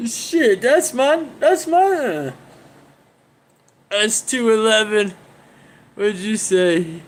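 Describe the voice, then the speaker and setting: A man's voice: high-pitched, very animated, takes it slowly, fairly bright tone. A man hosting a casual livestream, rambling and swearing as he reacts to viewer comments and laughs often. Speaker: livestream host.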